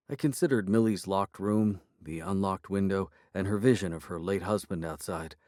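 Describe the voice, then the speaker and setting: A man reads a first-person audiobook in a measured, storytelling way. His voice sits low. The recording is close and dry, with no room sound. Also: a little mellow, no echo. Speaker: audiobook narrator.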